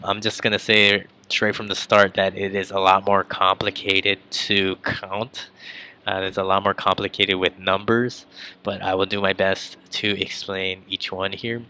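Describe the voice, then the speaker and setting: A man with a low voice gives a relaxed online language lesson. His pitch stays fairly even, and his tone has a bright, forceful edge. He talks loosely, with plenty of um and like, and keeps addressing his viewers as guys. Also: smooth. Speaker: language teacher. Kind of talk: casual explanatory lesson.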